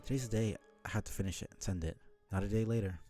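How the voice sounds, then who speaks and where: A man's voice: on the low side, rapid-fire, warm tone, soft background music, lightly acted. A man voicing a brash young male adventurer who blurts out old-fashioned exclamations. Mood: flustered.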